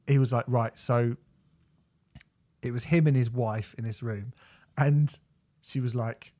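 A man co-hosting a podcast, telling animated stories in casual chat, swearing and laughing often. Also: medium pitch. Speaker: podcast co-host.

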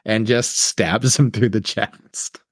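A man's voice: on the low side, fairly even intonation, takes it slowly, no echo, studio quality. Profane man in casual podcast chat. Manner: loose and profane, trails off searching for words. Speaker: podcast co-host. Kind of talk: casual chat recapping a film.

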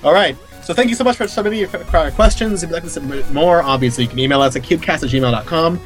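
Fast-talking joking young co-host. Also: male voice, a little high, faint music behind. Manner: quick, joking remarks. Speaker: podcast co-host. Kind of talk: casual chat.

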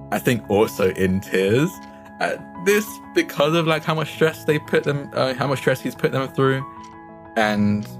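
A man playing his character in a tabletop game, rambling with lots of fillers. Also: on the low side. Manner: rambling with many fillers and likes. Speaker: player.

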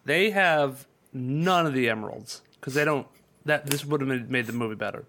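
Exasperated, swearing podcast co-host. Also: male voice, mid-range voice, normal speed, fairly bright tone, slight background noise. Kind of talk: casual comedic chat.

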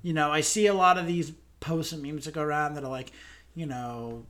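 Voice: medium pitch, fairly even intonation, brisk, a bit bright, slight background noise. A podcast co-host in casual discussion, talking earnestly and with animation, often restarting sentences.

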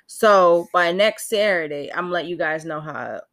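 Her voice lowish and fairly bright, a podcast host chats casually and candidly at a moderate pace, laughing frequently and dropping the odd swear word. She records this solo podcast indoors at home with rain outside.

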